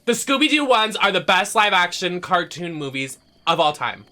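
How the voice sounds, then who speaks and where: A young man streaming a video game, ranting in a dramatic, sweary way that swings from shouting to muttering. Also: high voice, sing-song, normal speed. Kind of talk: casual rant while gaming.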